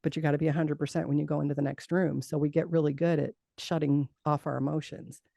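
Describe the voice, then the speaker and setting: A middle-aged woman telling a personal story in an interview, lively and acting out what others said, with frequent laughs. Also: low-pitched, quick pace, gravelly, dry recording. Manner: animated storytelling, acts out quoted voices, laughs often. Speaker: guest.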